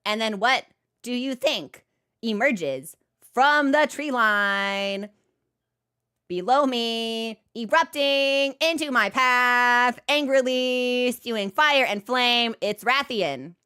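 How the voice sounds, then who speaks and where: A woman's voice: on the high side, takes it slowly, pushed and bright, clean tone. A woman streamer telling a comic story in a casual, profane, exasperated way, exaggerating for laughs.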